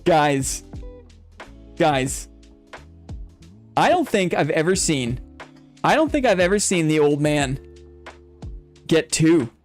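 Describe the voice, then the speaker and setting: A man's voice: a little high, animated, slow, long pauses, soft background music. A man hosting a live game stream, playfully teasing his chat and calling in-game fights like an announcer. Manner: builds hype like a fight announcer.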